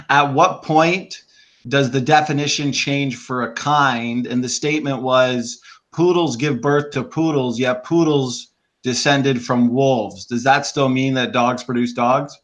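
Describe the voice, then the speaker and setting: A man's voice: medium pitch, steady tone, a little slow, a bit bright. A man moderating a debate, reading out audience questions with many hesitant ums.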